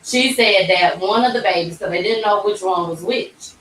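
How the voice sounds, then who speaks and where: A woman's voice: mid-range voice, moderate pace, a bit bright, slight background noise. A young woman, hosting a podcast and telling a personal story with emotion, acting out the quoted voices. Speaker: podcast host. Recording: roomy echo, distant mic.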